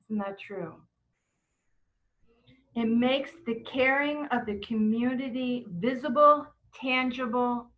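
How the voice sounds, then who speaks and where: A middle-aged woman leading a book club, telling stories in a relaxed way and acting out the quotes. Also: a little high, muffled recording. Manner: warm anecdotal storytelling with acted quotes. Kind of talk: casual book club talk.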